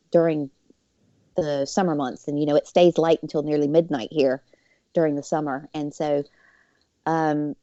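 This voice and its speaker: Female guest, dark and dry, chatty storyteller who acts out the voices of others. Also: sits low, dry recording, muffled recording. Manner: lively, acts out quoted voices; many fillers. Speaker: podcast guest. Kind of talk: personal storytelling.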